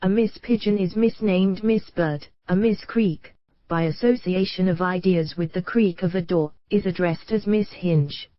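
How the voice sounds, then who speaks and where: A woman reading a nonfiction audiobook aloud in an even, measured narration. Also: lowish voice, dry recording. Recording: dry, dull lo-fi audio.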